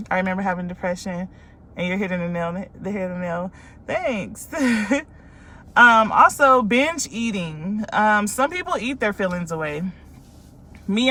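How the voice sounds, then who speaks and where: A woman's voice: medium pitch, a bit bright, a little hiss or hum. A woman life coach from California, talking casually and candidly to her followers about her own experience, with many ums and likes.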